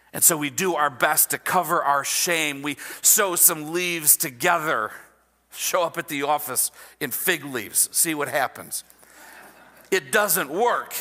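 A man preaching a sermon in an animated, conversational way, often checking in with his listeners. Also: fairly high pitch, in a large hall. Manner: animated, conversational, asks the audience "right?". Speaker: pastor.

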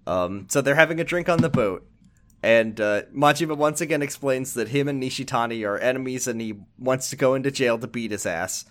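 A man's voice: mid-range voice, a little fast. A young man hosting a podcast, recapping a video game in casual chat, rambling with lots of "um"s. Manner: rambling, many "um"s. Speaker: podcast host.

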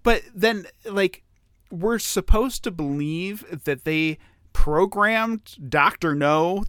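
A man co-hosting a casual film podcast, asking questions in an animated way with many fillers. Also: fairly high pitch, clear, resonant tone, no room sound, studio quality. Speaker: podcast co-host.

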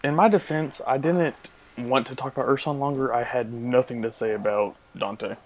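A man's voice: medium pitch, normal speed, a little hiss or hum. A young man who is a guest on a casual podcast, speaking in a dry, offhand way.

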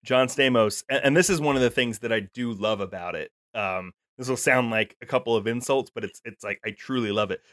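A man in a casual podcast chat, rambling on about a show with plenty of fillers and restarts. His voice sits at an ordinary pitch, recorded close and dry with no room sound. He talks with real enthusiasm. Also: fairly quick, few pauses, a bit bright, no echo. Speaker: podcast co-host.

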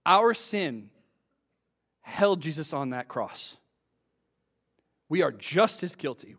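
High-voiced man preaching a sermon. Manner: earnest, rising to emphatic peaks.

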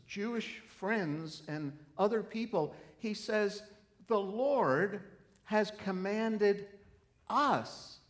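A middle-aged pastor delivers a sermon at an unhurried pace, his voice sitting a little on the high side. He tells a story earnestly and then builds to emphatic, lifted preaching.

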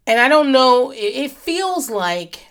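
A woman's voice: high voice, sing-song, takes it slowly, fairly bright tone. A woman in her thirties hosting a solo podcast, talking casually into her mic, swearing freely and drifting off on tangents. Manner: rambling, profane, goes off on tangents. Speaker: podcast host. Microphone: podcast microphone.

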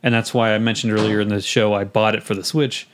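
A man co-hosting a casual podcast chat about video games, rambling and animated as he retells scenes. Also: on the low side, fast talker. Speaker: podcast co-host.

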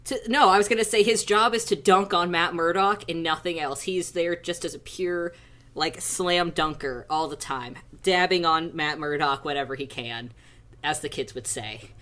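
Animated young woman groaning and laughing. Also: fairly low pitch, moderate pace. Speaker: podcast co-host. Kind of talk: casual chat.

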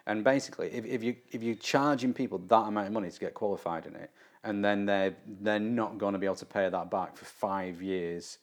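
Rambling man, low voice. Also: brisk, few pauses. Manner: stumbling repetitions, frequent "you know what I mean". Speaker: barrister and podcast host. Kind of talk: casual chat.

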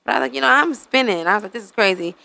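A woman in casual chat, telling stories in an animated, slangy way. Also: on the high side, rapid-fire, vocal fry, rough recording.

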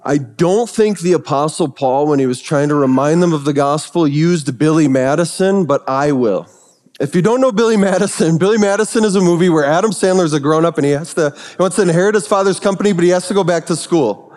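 A male pastor preaching a sermon, telling stories that swing from hushed, reverent passages to excited retellings. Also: a little high, a little fast, long reverb tail.

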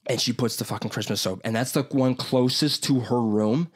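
A man's voice: medium pitch, steady tone, normal speed, breathy edge. A young man telling a story in casual chat, rambling, swearing often and acting out what people said. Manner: rambling, swears a lot, acts out quotes.

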